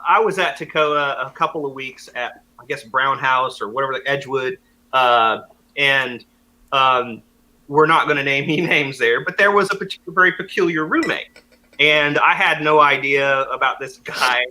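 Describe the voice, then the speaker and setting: A man's voice: mid-range voice, moderate pace, slight background noise, poor audio. A young man co-hosting a podcast, telling a story in casual chat and acting out the voices of the people in it. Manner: animated, acts out voices and laughs often. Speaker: podcast co-host.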